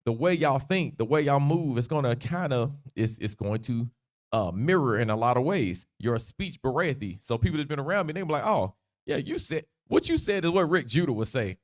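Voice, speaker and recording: A man leads a livestreamed Bible study in relaxed, slang-heavy talk. His voice sits at a middle pitch, and he laughs easily as he acts out the scripture. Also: normal speed. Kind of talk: casual livestreamed Bible teaching.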